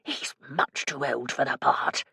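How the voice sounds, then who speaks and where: A woman's voice: a bass voice, a little slow, gravelly, husky, no room sound, clean studio sound, full character voice. A woman voicing a sulky, scornful young male actor who mostly whispers in an audiobook. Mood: sulky hush. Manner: hushed whispering.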